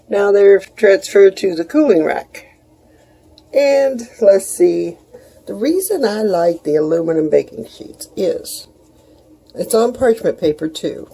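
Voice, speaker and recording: A woman's voice: fairly low pitch, vocal fry, mellow, slightly rough. A middle-aged woman, chatting casually in her kitchen as a home cooking vlogger and rambling in homey asides to her viewers.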